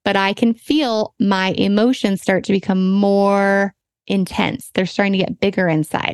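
A woman hosting a podcast, telling a personal story in a candid, animated, self-deprecating way. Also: mid-range voice, no echo. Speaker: podcast host.

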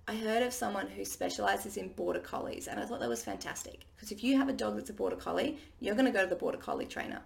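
A woman business coach with a husky morning voice, talking to listeners in a chatty, encouraging way. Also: medium pitch. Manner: chatty and encouraging, with frequent restarts. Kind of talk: casual solo podcast talk.

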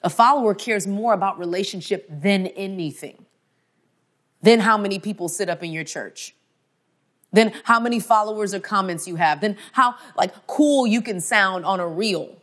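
Lively woman giving a faith talk. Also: medium pitch, moderate pace. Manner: animated storytelling with humor; preacherly emphasis. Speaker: speaker. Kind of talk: conference talk.

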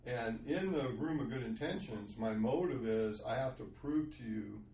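A man's voice: mid-range voice, normal speed, creaky, darkish tone, echoey room, recorded from a distance. A middle-aged man sharing a Christian testimony in a conversational podcast, telling his story earnestly. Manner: earnest storytelling, acts out quoted voices.

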